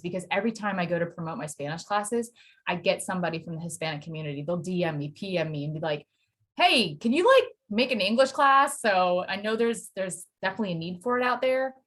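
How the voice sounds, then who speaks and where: A woman from Pennsylvania, a Spanish teacher, chatting as a podcast guest and telling lively stories with quoted voices. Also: fairly low pitch. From Pennsylvania, USA. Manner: animated storytelling with acted quotes and laughter. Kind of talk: casual interview chat.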